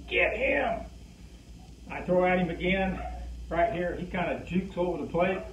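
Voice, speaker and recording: A man's voice: fairly high pitch, slight background noise. Older man telling a baseball story, echoey. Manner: lively storyteller acting out quoted lines. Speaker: former pitcher telling a story. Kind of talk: anecdotal storytelling. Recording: distant echoey muffled recording.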